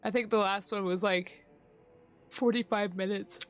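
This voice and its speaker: A woman's voice: medium pitch, fairly even intonation, measured pace, smooth. A woman streaming a game, chatting casually with her viewers and laughing often. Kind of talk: casual gameplay chat.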